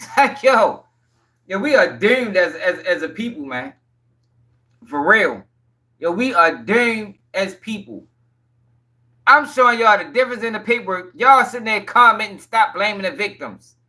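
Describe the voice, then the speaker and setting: A livestream news commentator reads court filings to his chat in a high, bright, sharp and forceful voice. He's expressive and a little slow, leaving long pauses. His casual commentary is profane, exasperated and blunt, full of slang and repeated points.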